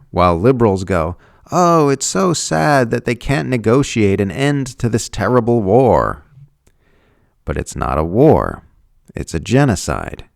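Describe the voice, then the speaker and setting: A man's voice: low-pitched, no echo, clean studio sound. A man reading scripted political commentary in a sardonic tone, mocking the people he quotes.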